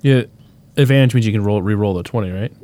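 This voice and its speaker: A man's voice: lowish voice, quick pace, dark tone. A man playing in a tabletop game, chatting loosely and joking. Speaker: player. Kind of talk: casual tabletop game chat.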